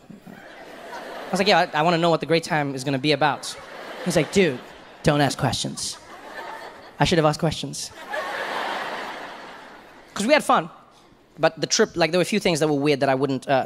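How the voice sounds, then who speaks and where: South african comedian on stage, chatty and animated, big echoey hall. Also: male voice, a little high. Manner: animated, storytelling, conversational. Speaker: stand-up comedian. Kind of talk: stand-up comedy. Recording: echoey hall, faint crowd noise.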